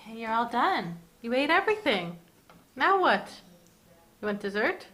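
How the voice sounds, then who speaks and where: A woman's voice: fairly high pitch, sing-song, moderate pace, pushed and bright. A mother talking playfully to her toddler at mealtime, coaxing and laughing often, filmed at home on a camera. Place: home, at the table.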